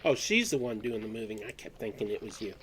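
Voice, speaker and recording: A man narrating as game master, calmly explaining rules step by step. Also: fairly low pitch, fast, slight background noise, rough recording.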